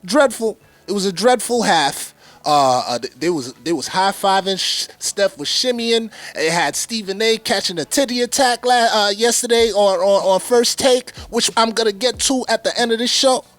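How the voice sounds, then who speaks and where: A man hosting a fan podcast, giving casual basketball commentary in an animated way, repeating phrases for emphasis and speaking straight to his viewers. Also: high-pitched, normal speed, no room sound. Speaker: podcast host.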